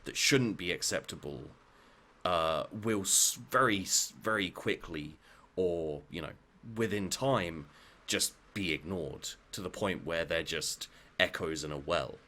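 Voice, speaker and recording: A man's voice: low voice, measured pace, sharp tone. A man ranting bluntly about his opinions, swearing often and restarting his sentences. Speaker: vlogger. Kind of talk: heated opinion rant.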